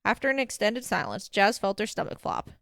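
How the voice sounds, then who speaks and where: A woman's voice: medium pitch, big pitch swings, fairly quick, gravelly, fairly bright tone, no room sound. Woman narrating an audiobook, dry sound.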